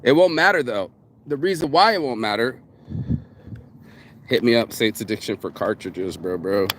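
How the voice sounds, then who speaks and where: A man's voice: lowish voice, expressive, moderate pace, fairly bright tone, a little hiss or hum. A man vlogging in a casual, rambling monologue, profane and streetwise, calling the listener bro. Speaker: vlogger and shirt designer.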